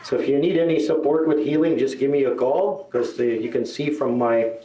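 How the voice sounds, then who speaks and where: A middle-aged man doing a stand-up comedy set, telling a long story and jumping into higher voices for the people he quotes. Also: fairly quick, mellow, dull audio. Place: live show venue. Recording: echoey live room.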